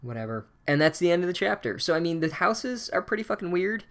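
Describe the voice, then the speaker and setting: A man's voice: high-pitched, quick pace. Sarcastic, profane man recapping a book. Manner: sarcastic, deadpan, swears freely. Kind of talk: casual profane comedic recap.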